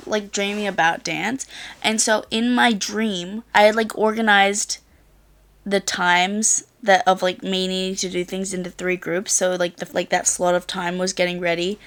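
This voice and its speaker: A late-teen girl vlogging in a loose, chatty ramble. Her voice sits at an ordinary middle pitch with a lot of gravelly fry at the ends of phrases. She keeps dropping "like" as filler and throws in the odd swear. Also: steady tone, measured pace, a bit bright. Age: late teens. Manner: rambling storyteller, filler-heavy with frequent "like", swears. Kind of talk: casual chat to camera.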